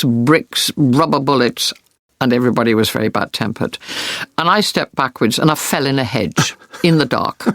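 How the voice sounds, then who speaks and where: Woman reporter telling war stories, bit of gravel in her voice, dry close sound. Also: very deep voice, no echo. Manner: vivid, earnest recounting. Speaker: war correspondent. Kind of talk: interview storytelling.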